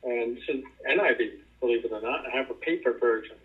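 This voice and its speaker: A man's voice: mid-range voice, fast talker. Man, thoughtful questioner, Bible study member, phone-line sound. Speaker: study group participant. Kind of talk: reading scripture and asking questions.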